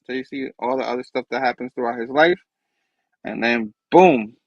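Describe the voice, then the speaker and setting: A man's voice: medium pitch, moderate pace, dry recording, highs cut off. A man hosting a casual comic book review chat, enthusiastic and rambling. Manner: enthusiastic, rambling, acts out characters' lines. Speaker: host.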